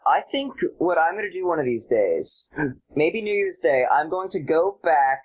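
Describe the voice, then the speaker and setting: A man's voice: fairly high pitch, very animated, normal speed, slightly rough. A man hosting a podcast, chatting in a wry, joking way. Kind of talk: casual chat.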